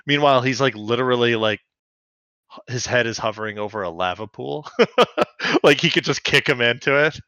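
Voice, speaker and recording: Bright-voiced man in muffled recording. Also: mid-range voice, fairly quick, long pauses, smooth, no room sound. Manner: chatty, filler-heavy, laughs often. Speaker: podcast co-host. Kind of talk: casual recap chat.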